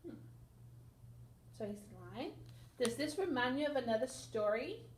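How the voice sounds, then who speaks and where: Teacher, woman, slow animated read-aloud for kids, roomy echo, faint noise behind. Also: high voice. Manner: expressive, asks listeners questions, sound effects. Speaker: teacher reading a picture book to children. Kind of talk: children's read-aloud lesson. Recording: echoey room with faint noise.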